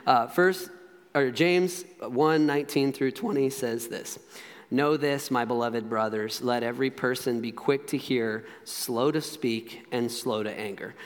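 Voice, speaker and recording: A man preaching a sermon as pastor in a conversational way, with light humorous asides, and closing in a soft prayer. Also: high-pitched, in a large hall.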